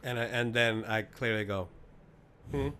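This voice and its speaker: A man playing a tabletop game, joking and animated, often restarting his sentences. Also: mid-range voice, measured pace, clean tone. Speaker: player. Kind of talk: casual tabletop play.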